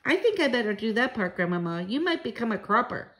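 Eager storybook mouse-boy, woman reader, high and lively. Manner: excited, quick to exclaim.

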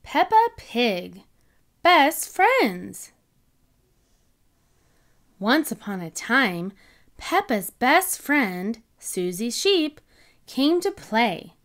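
A woman's voice: a little high, sing-song, extremely slow, long pauses, a bit bright. A woman reading a picture book aloud to young children in an enthusiastic, child-directed way. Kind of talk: read-aloud storytelling for kids.

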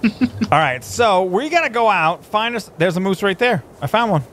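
A man's voice: sits high, big pitch swings, moderate pace, fairly bright tone, a little hiss or hum. A man hosting a gaming channel, chatting casually and joking through gameplay commentary. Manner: goofy, laughing banter.

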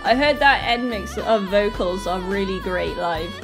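A woman's voice: medium pitch, a little slow, over music. A woman in her twenties from Britain, chatting casually and laughing often as she reacts to a video. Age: 20s.

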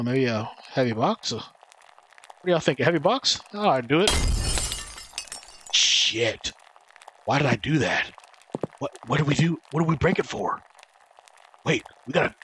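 A man streaming a video game, talking to chat with excitable, swearing commentary. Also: fairly high pitch, a little hiss or hum. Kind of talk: live gameplay commentary.

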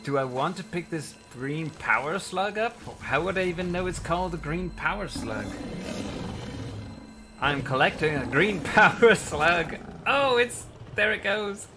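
A man commentating a survival building game as he plays, excitable and quick to yelp in panic or laugh at mishaps. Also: on the high side, faint music behind. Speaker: gaming channel host. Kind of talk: let's play commentary.

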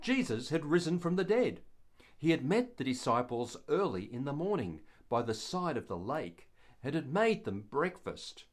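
An older man narrating a devotional Bible story in an earnest, measured way. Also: on the high side, big pitch swings.

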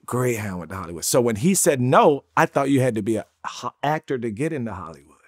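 A middle-aged man from North Carolina, telling stories in an interview and acting out the quotes with big swings in pitch and loudness. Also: sing-song, fast, no echo, clean studio sound. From North Carolina, USA. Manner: acts out quotes with big jumps in pitch and volume. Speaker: actor, interview guest. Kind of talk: animated storytelling. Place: studio.

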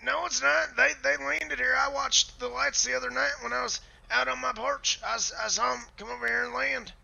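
A man's voice: extremely high pitch, steady tone, a little fast, gravelly, pushed and bright, slightly rough, dull audio, full character voice. A man playing a stammering, foul-mouthed, paranoid redneck who hunts aliens with a gun, rambling in an improvised game role-play. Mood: ranting paranoid.

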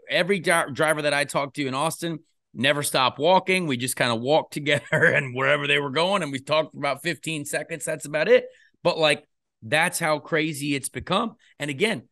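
Bright-voiced young man, chatty host. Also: a little high. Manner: loose, chatty, lots of "like". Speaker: podcast host, race driver. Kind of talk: casual podcast chat.

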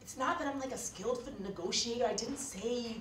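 A woman's voice: fairly high pitch, a little fast, far from the mic, a little hiss or hum. A woman giving a keynote address, telling a story in an earnest, conversational way with frequent fillers. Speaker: keynote speaker. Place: lecture hall. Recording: echoey hall recorded from afar.

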